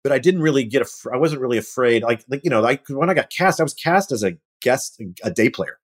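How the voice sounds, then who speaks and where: A middle-aged man telling lively anecdotes as a guest on a casual chat show, acting out quotes and restarting his sentences often. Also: medium pitch, brisk. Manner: animated, acts out quotes, frequent restarts. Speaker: podcast guest, actor.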